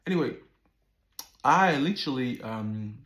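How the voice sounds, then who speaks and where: A man in his thirties telling a personal story to camera in a casual, animated way, often repeating words and swearing freely. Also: mid-range voice, a little slow, roomy sound. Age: 30s. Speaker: vlogger.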